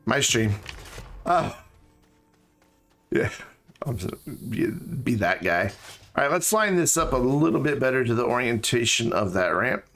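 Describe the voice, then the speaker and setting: A man on a live game stream, casual and playful, with a lively voice that swoops around an ordinary middle pitch. He jokes and talks to the objects in the game. Faint music plays underneath. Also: unhurried, long pauses. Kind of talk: casual gameplay stream chat.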